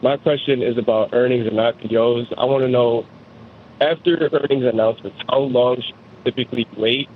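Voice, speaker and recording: A man's voice: medium pitch, steady tone, moderate pace. A man from Georgia calling in to a show, polite and hesitant with lots of fillers, heard over a phone line. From US state of Georgia. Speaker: caller. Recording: tinny phone line with faint hiss.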